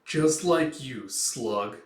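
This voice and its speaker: A man's voice: mid-range voice, animated, very slow. A man voicing a battered, merciless male swordsman who taunts his enemy bluntly. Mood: taunting. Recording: roomy, distant mic.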